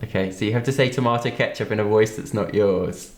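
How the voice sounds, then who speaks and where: A man's voice: on the low side, fast, roomy sound, slight background noise. A man on a blind date, talking in a hesitant, self-deprecating way. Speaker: dating show guest. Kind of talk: casual chat.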